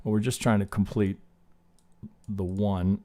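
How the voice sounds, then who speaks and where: A man's voice: fairly low pitch, steady tone, measured pace, warm tone. A man hosting a live trading stream, talking loosely through chart counts, swearing now and then and getting fired up. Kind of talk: live chart analysis, casual teaching.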